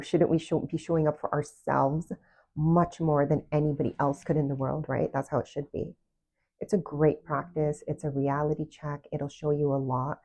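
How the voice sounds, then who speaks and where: A woman's voice: sits low, creaky, warm tone. A woman giving casual, earnest self-love advice, often asking the listener direct questions. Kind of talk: casual motivational talk to camera.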